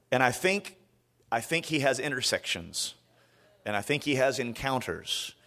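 A man from Florida preaching a sermon as a guest preacher, telling stories with lots of restarts. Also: fairly high pitch. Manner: animated storytelling with frequent restarts.

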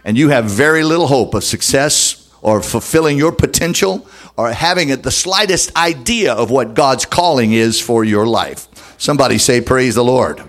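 A man preaching a sermon as pastor, emphatic and dramatic, speeding up and slowing down for effect. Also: mid-range voice.

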